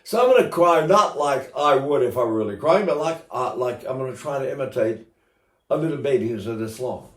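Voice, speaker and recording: A man's voice: mid-range voice, lively intonation, brisk. A man in his eighties giving an informal singing lesson as a voice teacher, talking in a chatty way with joking asides. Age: 80s. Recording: roomy echo.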